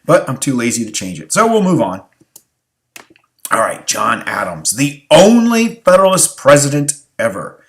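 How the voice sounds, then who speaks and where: A man's voice: medium pitch, big pitch swings, normal speed, fairly bright tone. A tired male history teacher giving a review lecture, asking rhetorical questions and repeating key phrases. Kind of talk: recorded exam review lecture.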